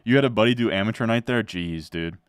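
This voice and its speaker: A relaxed, deep-voiced fantasy football streamer from New Jersey talks fast and smoothly while drafting, answering chat and saying "dude" often. The clean studio audio has no room sound.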